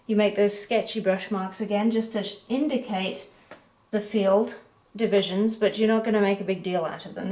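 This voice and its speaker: A woman giving a relaxed, chatty painting critique as an art teacher, correcting herself as she goes. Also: medium pitch. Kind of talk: painting critique, talking while pointing. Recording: echoey room.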